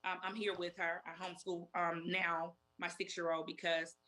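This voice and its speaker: A woman's voice: fairly low pitch, flat delivery, normal speed, fairly bright tone. Emotional woman in her forties. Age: 40s. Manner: emotional, retells talks in quotes with many repeats. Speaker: guest. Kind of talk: personal story in an interview.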